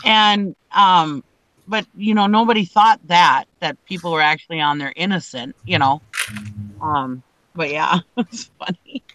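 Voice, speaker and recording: A woman hosting a casual online group chat, telling stories in an animated way and laughing often. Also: lowish voice, a little slow, highs cut off. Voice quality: animated storyteller, frequent laughs.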